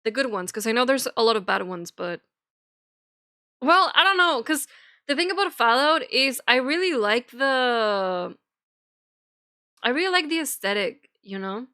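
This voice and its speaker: A young woman rambles her way through a casual livestream chat, giggling and dropping the odd swear. Her voice sits a little high and sounds bright and crisp. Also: lively intonation, measured pace, pauses often. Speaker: streamer.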